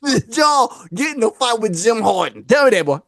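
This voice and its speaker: A man with a strikingly high voice hosts a podcast, trading casual banter and telling stories animatedly. He laughs a lot and stacks repeated words. The sound is dry and close. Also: sing-song, moderate pace, vocal fry, fairly bright tone, no room sound. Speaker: podcast host.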